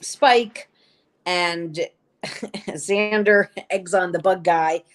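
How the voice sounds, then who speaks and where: A woman's voice: on the low side, fairly even intonation, very slow. A woman co-hosting a podcast, recapping episodes in a rambling, chatty way full of fillers and restarts. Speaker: podcast co-host. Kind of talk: casual chat recapping episodes.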